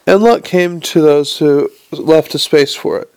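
A man reading a novel aloud with lively, slightly stumbling narration. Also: on the high side, measured pace, clean tone. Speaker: audiobook narrator.

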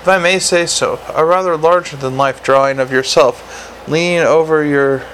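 A man's voice: on the high side, normal speed, a bit bright, a little hiss or hum, natural voice, low-quality recording. A man reading the part of a polite, unflappable male butler, speaking formally and deferentially.

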